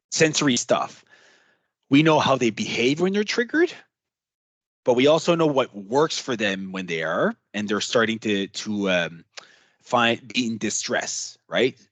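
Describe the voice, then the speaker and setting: A man giving a casual workshop talk as a trainer, chatty and animated, acting out what clients might say. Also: on the low side, dry recording.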